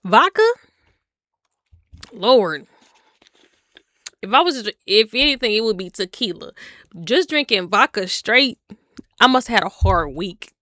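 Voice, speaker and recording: A woman in her twenties chatting on stream, telling stories in a slangy, animated way with sudden jumps in pitch. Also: a little slow, pauses often, no echo, clean studio sound. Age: 20s. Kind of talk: casual storytelling chat on stream.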